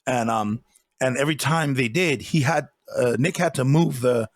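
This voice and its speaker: A man in a relaxed movie-review chat, voice of middle height, retelling scenes in a loose, rambling way and breaking into laughs. The sound is dry and close, with no room around it. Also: medium pitch, moderate pace, dry recording. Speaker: podcast co-host.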